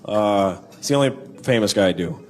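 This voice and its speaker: A man's voice: lowish voice, expressive, a little fast. A man doing an observational stand-up routine with a wry, rambling delivery and silly impressions. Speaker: stand-up comedian. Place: comedy club before a live audience. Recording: crowd laughter and ambient noise.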